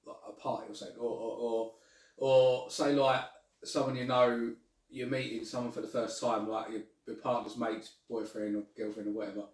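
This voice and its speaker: A man's voice: mid-range voice, little pitch movement, moderate pace, distant mic. A man in a casual podcast chat, rambling and restarting his sentences. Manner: rambling, restarts often, chatty. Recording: echoey room, away from the mic.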